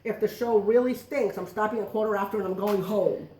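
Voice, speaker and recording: A middle-aged woman gives a live cooking demo to a small audience in a home kitchen, chatty, joking and self-deprecating. Her mid-range voice is dark and steady with a brisk pace, picked up from a distance in an echoey room.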